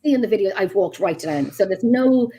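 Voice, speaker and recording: A woman's voice: mid-range voice, expressive, fairly quick, warm tone, slight background noise, poor audio. A woman with an Irish accent, a paranormal investigator, chatting as a guest in an interview and telling long stories full of ums and restarts. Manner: rambling storyteller with frequent ums and restarts. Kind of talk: casual interview chat.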